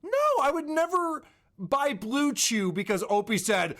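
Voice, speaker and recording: A man's voice: very high voice, very animated, normal speed, a bit bright. A man co-hosting a podcast, casually commenting on radio clips with profane, mocking humor. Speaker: podcast co-host.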